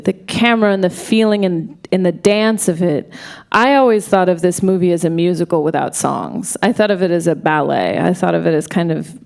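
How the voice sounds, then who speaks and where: A woman director answering questions at a live panel Q&A, speaking in an excited, tumbling way full of restarts and self-corrections. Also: mid-range voice, gravelly. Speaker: film director, guest at a Q&A. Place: stage at a film festival event.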